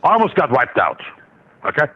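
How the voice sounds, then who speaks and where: A man's voice comes through a dull, lo-fi line, set a little high and swinging widely as he talks. He rambles through a trading story, restarting sentences and adding asides. It sounds like an unscripted guest spot on a radio show. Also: sing-song, fairly quick. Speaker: guest market analyst and trader. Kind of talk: casual radio interview storytelling.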